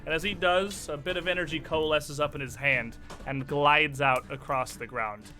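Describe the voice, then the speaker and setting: A man narrating as game master in a tabletop game, animated and often laughing. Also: a little high, moderate pace, faint music behind.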